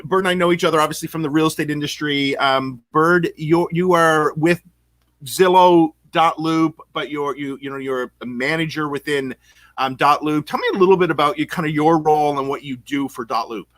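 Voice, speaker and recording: A man from Canada hosting a casual podcast, talking in an excitable, rambling way with many fillers and restarts. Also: on the high side, moderate pace, no echo. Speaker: podcast host and real estate coach.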